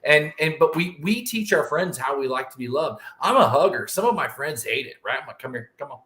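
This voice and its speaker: A middle-aged man co-hosting a podcast, telling family stories in a chatty, animated way. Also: fairly high pitch, fairly quick. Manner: animated, chatty, calls his partner dude. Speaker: podcast co-host. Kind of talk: casual chat, personal storytelling. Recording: roomy echo.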